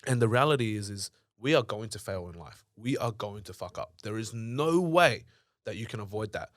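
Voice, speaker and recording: A man's voice: fairly low pitch, animated, normal speed, a bit bright, dry recording, studio quality. A young man telling stories in a casual interview, swearing often and acting out old arguments in a raised voice. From Australia. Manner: swears freely, acts out past arguments in a raised voice. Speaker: podcast guest, entrepreneur.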